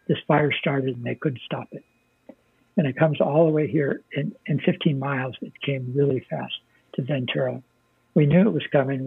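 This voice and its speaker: Older man, gravelly, husky, plainspoken veteran storyteller, swears freely, thin phone-like sound. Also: mid-range voice, no echo. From United States. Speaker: guest, military veteran. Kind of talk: casual interview storytelling. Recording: dry, phone-like narrow sound.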